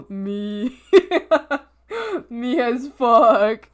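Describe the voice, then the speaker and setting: A woman streamer chatting casually while she draws, playful and excitable, breaking into silly bits and bursts of shouting. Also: sits high, drawn-out words, pauses often, no room sound, clean studio sound. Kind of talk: casual livestream chat while drawing.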